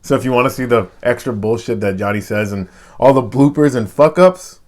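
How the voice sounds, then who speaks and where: 気さくに毒舌を交えて話す男性ホスト. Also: male voice, mid-range voice, fairly quick, darkish tone. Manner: loose, joking, swears freely. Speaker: podcast host. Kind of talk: casual chat.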